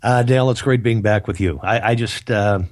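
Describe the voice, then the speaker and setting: A man telling a personal story on a podcast, halting and repeating himself, with self-deprecating humor. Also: fairly low pitch. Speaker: author and speaker, regular guest. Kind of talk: casual storytelling.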